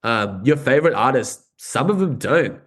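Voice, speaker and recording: A man's voice: mid-range voice, lively intonation, normal speed, a bit bright, breathy edge. An Australian man hosting a podcast and playing in a band, musing earnestly in casual talk and drifting into tangents. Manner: earnest, rambling musings with swearing and fillers. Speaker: podcast host and band musician.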